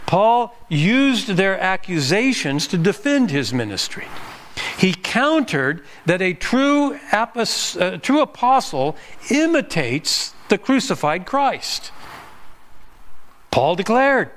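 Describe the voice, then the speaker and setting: A man's voice: high-pitched, big pitch swings, slow pace, fairly bright tone. A man preaching a sermon as pastor, emphatic, pushing his voice up on key points and sometimes restarting words.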